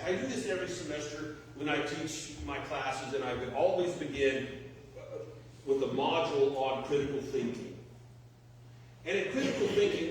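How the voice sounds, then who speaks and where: Texan pastor preaching in an echoey church. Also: male voice, on the high side, slight background noise. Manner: conversational preaching with rhetorical questions and homely examples. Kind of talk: sermon. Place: church sanctuary. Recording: echoey church hall, mic at a distance.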